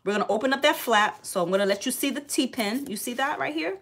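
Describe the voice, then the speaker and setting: A woman's voice: high-pitched, animated, fast talker. A woman, chatting blunt and sassy on a livestream wig tutorial. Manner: loud sing-song greetings to viewers, sassy and blunt. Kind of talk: casual livestream chat.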